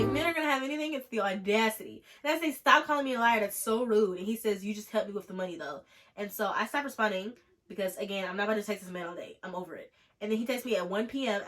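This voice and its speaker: A young woman vlogger telling a story in a chatty, sarcastic way, often mimicking the people she quotes. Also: mid-range voice. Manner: animated, sarcastic, jumps into mocking quoted voices. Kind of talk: storytime vlog.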